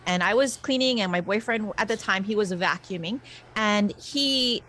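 A middle-aged woman co-hosts a casual chat podcast. She tells her stories in an animated way, swears freely and keeps checking in with "okay?" and "right?". Her pitch sits in an everyday middle range, with faint noise behind her. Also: moderate pace. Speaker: podcast co-host.

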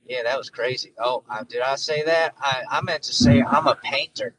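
Brief: man doing a mid-pitched, rambling, boastful ex-president, slightly off-mic. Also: moderate pace, far from the mic, background noise, lightly acted. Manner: rambling, self-incriminating boasts. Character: joking impression of a former US president, boastful and sly.

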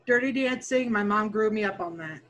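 A woman's voice: medium pitch, fairly quick, a bit bright, low-quality recording. A woman guest on a podcast, a dungeon master, chatting candidly and laughing at herself. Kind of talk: casual interview chat.

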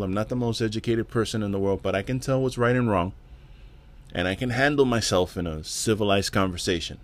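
Profane, exasperated man ranting solo. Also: medium pitch. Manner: profane, exasperated, repeats words. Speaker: podcast host. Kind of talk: casual solo rant.

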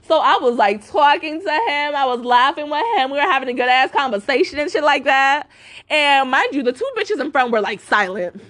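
A woman's voice: high-pitched, expressive, normal speed, a bit bright. A young woman ranting casually through a profane storytime, full of fillers and curse words. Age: young adult. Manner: casual, heavy cursing, lots of fillers like "like" and "bro". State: up all night, tired. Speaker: vlogger.

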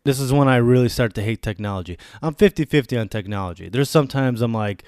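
A man in his thirties rants through a solo podcast story, cursing freely and acting out his own quoted thoughts. His voice sits at an everyday middle pitch. The sound is dry and close, with no room echo. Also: fast, few pauses, clear, resonant tone. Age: 30s. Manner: animated storytelling with swearing and quoted asides. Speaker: podcast host. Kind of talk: casual solo rant.

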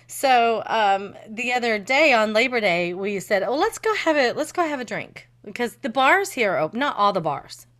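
A woman co-hosts a podcast, chatting casually in an animated way, swearing freely and laughing a lot. Her voice sits on the high side, at normal speed with barely any pauses.

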